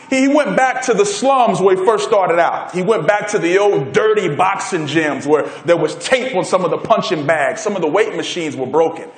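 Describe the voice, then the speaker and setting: A keynote speaker in a conference hall delivers a motivational speech, telling a story and drawing the audience in with energy. His voice is high-pitched and the sound is roomy.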